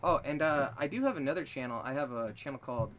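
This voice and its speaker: A man chatting casually on a stream. He talks in a relaxed, laughing way, full of fillers and trailing phrases. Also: mid-range voice, fast. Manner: laid-back, laughing, with filler-heavy trailing speech.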